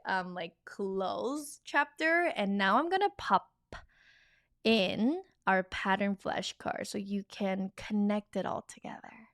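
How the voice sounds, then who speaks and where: A woman's voice: medium pitch, a bit bright, no room sound. Chatty woman teaching vocab, upbeat, says words over and over, dry sound. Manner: bubbly, chatty, repeats words slowly for learners. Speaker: Korean language teacher. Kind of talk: online language lesson.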